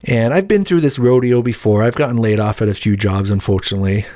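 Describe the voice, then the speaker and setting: A young adult man hosting a podcast, telling a personal story casually and acting out the voices of others with a raised pitch. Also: quick pace, no room sound, studio quality. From Utah. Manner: animated, acts out quotes in raised voice. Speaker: podcast host.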